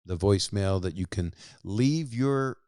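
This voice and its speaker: A man's voice: on the low side, expressive, measured pace, darkish tone, clean tone, no room sound, clean studio sound. A man in his sixties, a podcast host chatting with callers and telling stories in a rambling, jokey, self-interrupting way. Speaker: podcast host calling listeners. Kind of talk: casual phone chat and rambling monologue.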